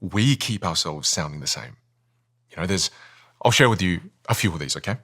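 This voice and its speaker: Animated man coaching on voice. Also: deep voice, moderate pace. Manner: energetic, emphatic, keeps asking rhetorical questions. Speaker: communication and voice coach, podcast guest. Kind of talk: animated explaining in a podcast interview.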